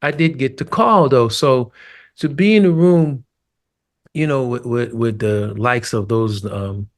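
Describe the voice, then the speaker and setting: A middle-aged man, a drummer guest, telling stories in a loose, animated way with laughs. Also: mid-range voice, unhurried. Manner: animated storyteller, laughs and acts out scenes. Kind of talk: casual storytelling chat.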